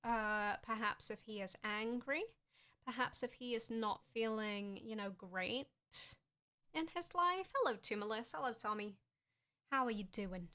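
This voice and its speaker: A young woman streaming casually, joking in a deadpan way and often laughing as she talks. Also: medium pitch, moderate pace. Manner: playful, deadpan jokes with frequent laughs. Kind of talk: casual stream chat showing fan art.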